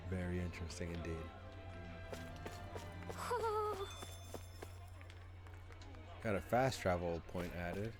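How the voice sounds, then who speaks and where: A man's voice: low-pitched, fast, few pauses, over music. A man streaming a game, reading the dialogue aloud and stumbling over made-up names, with casual remarks between. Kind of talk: casual gameplay commentary.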